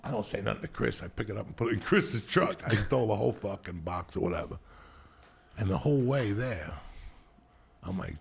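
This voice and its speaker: A man telling profane, animated stories in casual chat. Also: on the low side, brisk, creaky, breathy edge. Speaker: podcast host.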